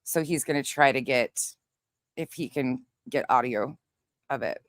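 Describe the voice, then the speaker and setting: A young woman from Montana, a livestream host chatting casually with viewers and telling a story in a profane, animated way. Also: a bass voice, measured pace, no echo, studio quality. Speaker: livestream host reading chat.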